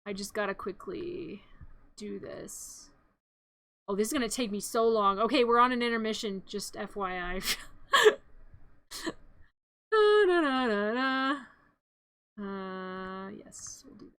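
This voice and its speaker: A woman's voice: mid-range voice, lively intonation, slow pace, long pauses, fairly bright tone, smooth, dry recording. A woman streamer retelling a film as a comedy bit, playful and rambling, with frequent asides.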